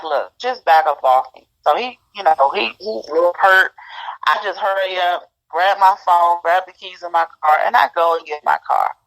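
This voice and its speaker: A woman's voice: lowish voice, poor audio. A woman as a guest, casually telling a personal story and acting out what each person said. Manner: acts out quoted dialogue in lively retelling.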